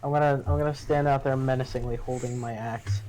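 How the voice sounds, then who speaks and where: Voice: mid-range voice, fairly even intonation, fairly quick, mellow, slight background noise. A player at a tabletop game on a live stream, joking insistently and talking up a character's theatrical plans.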